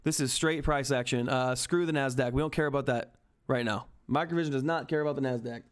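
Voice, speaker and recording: A man hosting a stock trading livestream, giving excited market commentary and constantly addressing viewers as guys. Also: medium pitch, fast. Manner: excitable, keeps addressing viewers as guys and asking "all right?".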